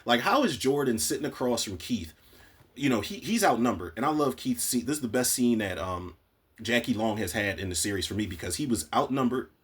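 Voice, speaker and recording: A man's voice: medium pitch, lively intonation, a little fast, fairly bright tone, slightly rough. A man giving a casual, profane spoiler recap of a TV episode, acting out the characters' lines as he goes. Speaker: TV recap podcaster.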